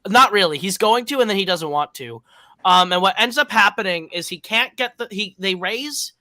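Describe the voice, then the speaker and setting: A man with a high, sharp voice, recorded dry, co-hosts a film podcast. He gives a casual recap and review of a movie's plot, rambling along, often correcting himself and leaning on plenty of fillers.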